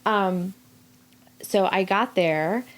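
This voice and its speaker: A middle-aged woman telling a personal story in casual chat, animated, acting out the voices of people she quotes. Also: medium pitch, drawn-out words. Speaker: guest.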